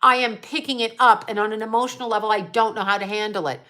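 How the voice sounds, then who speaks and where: A woman's voice: fairly high pitch, fairly even intonation, quick pace, bright, forceful tone. A middle-aged woman, a psychic medium hosting a livestream, telling an emotional personal story in a rambling way. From United States. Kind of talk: livestream talk with viewers.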